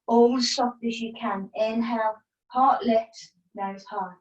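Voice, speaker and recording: A woman teaching yoga from home over a video call, her voice a little high. She gives calm breath cues and slips in playful asides. She sounds distant from the mic, in a roomy, echoing space. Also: slow pace, lo-fi sound. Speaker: yoga instructor. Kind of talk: guided yoga class cues. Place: at home, partner downstairs.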